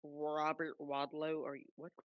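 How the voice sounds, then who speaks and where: A woman's voice: low-pitched, flat delivery, a little slow, no echo, dull audio. A woman on a voice call with a streamer, bantering and teasing in a playful way. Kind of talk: casual voice chat banter.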